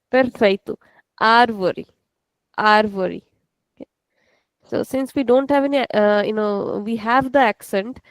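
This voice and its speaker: A woman's voice: a little high, a little mellow, dry recording, rough recording. A woman with an Indian English accent teaching a language class online, explaining step by step and correcting students. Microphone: video call.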